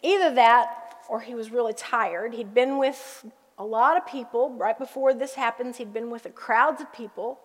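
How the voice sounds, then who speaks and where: A middle-aged woman pastor preaching a sermon, telling family stories with lively asides to the congregation. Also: fairly high pitch, moderate pace, long reverb tail.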